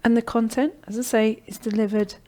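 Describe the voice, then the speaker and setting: Woman, middle-aged, live course host, mellow warm tone, encouraging, keeps saying okay. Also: on the high side, little pitch movement, a little fast. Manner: encouraging, repeats "okay?" often. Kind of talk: live-streamed sales pitch and Q&A.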